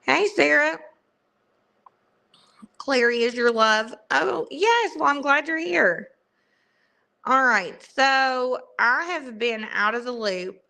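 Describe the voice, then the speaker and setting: A woman's voice: high-pitched, expressive, slow, vocal fry, pauses often, pushed and bright. A young woman with a strong Southern US accent chatting casually on a livestream and greeting viewers by name. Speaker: livestream host.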